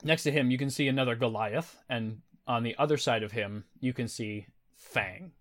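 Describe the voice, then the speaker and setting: A man narrating as game master, with a relaxed manner full of fillers. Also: mid-range voice, normal speed.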